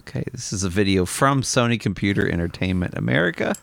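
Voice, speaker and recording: A man with a low, gravelly voice co-hosts a casual podcast. His pitch swings a lot as he jokes and laughs often. The recording is dry and close. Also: very animated, fast, fairly bright tone, no room sound. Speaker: co-host.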